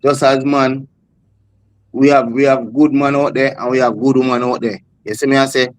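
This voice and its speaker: A man's voice: medium pitch, level tone, normal speed, dry recording. A man with a Jamaican accent arguing on a discussion panel, repeating himself and calling others "brother". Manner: repetitive, insistent, keeps saying "brother". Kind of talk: heated panel debate.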